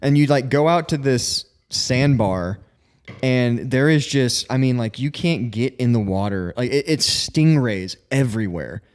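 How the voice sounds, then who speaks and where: A man's voice: mid-range voice, animated, a little mellow, clear, resonant tone. A young man co-hosting a podcast, asking curious questions and telling casual stories. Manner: curious questioning, quick to laugh. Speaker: podcast co-host. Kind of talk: casual chat.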